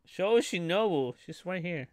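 A man live-streaming his reaction to a trailer, animated and profane, laughing often. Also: high-pitched, measured pace, no room sound, studio quality.

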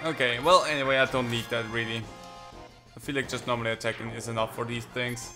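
A man's voice: medium pitch, fairly even intonation, quick pace, music in the background. A man giving casual, rambling, self-mocking commentary while he plays a video game. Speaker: gaming channel host. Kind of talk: casual let's-play commentary.

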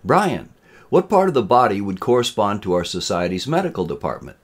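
A man doing Mister Estois, resonant robot teacher. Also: very animated. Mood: lecturing. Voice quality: resonant baritone. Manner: measured, lecturing. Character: calm robot male classroom instructor.

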